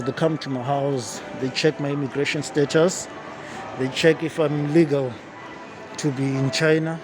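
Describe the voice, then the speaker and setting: A man from Africa telling a personal story to camera as a vlogger, animated and acting out quoted exchanges in a raised voice. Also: fairly high pitch. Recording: urban outdoor noise with passing traffic.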